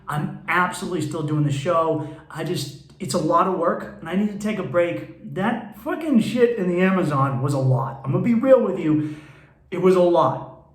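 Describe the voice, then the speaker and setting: Profane comedian host in a roomy echo. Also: male voice, sits high, normal speed. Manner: profane, blunt, animated storytelling. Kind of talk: candid monologue storytelling.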